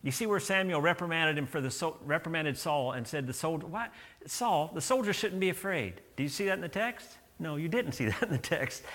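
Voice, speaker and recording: A middle-aged male pastor preaching a sermon, telling stories and acting out quotes with lively energy. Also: fairly high pitch, moderate pace. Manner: animated storytelling with acted-out quotes.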